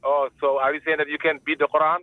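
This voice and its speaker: A man's voice: a little high, flat delivery, fast talker. A man from Sri Lanka, calling in to a debate show in broken English, insistent and accusing. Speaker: caller. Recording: tinny phone-like call line.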